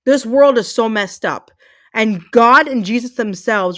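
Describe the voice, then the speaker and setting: A high-pitched woman in her late thirties on a livestream, fuming. She rants with heat, repeats points for emphasis and swears freely. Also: takes it slowly. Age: 30s. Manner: emphatic, repetitive, heated, swearing. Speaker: livestream host. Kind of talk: angry livestream rant.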